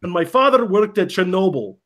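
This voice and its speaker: A deadpan cartoon Russian tough guy in slow, broken English , as a man puts him on. The mock accent is thick and the pitch sits a little high. Each line is drawn out for the joke. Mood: deadpan boasting. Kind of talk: comic impression in casual chat.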